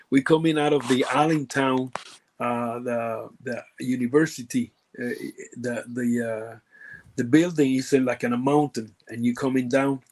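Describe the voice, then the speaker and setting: This medium-pitched man from Puerto Rico, a former professional wrestler, is a guest sharing stories casually in an interview. His speech is halting and full of fillers, restarts and grammatical slips.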